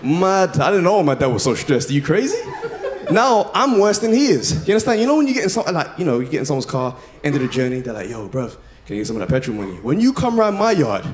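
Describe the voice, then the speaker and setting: Animated comedian on stage. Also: male voice, high voice, fast. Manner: animated, slangy, swings into loud shouted bits. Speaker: stand-up comedian. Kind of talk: stand-up comedy set. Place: live comedy venue with audience.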